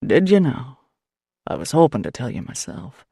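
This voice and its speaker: A woman voicing a patient, kindly male priest who talks warmly and gently. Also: rumbling low, big pitch swings, gravelly, husky, no room sound, clean studio sound, voice pushed down, heavily acted. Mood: gentle. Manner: warm, patient, slow.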